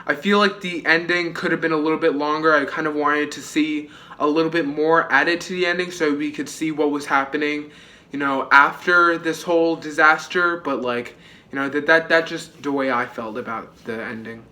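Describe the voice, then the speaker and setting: A man's voice: on the high side, fairly even intonation, moderate pace, bright, forceful tone. A young man reviewing a movie in a casual vlog, chatty, with many fillers and frequent swearing.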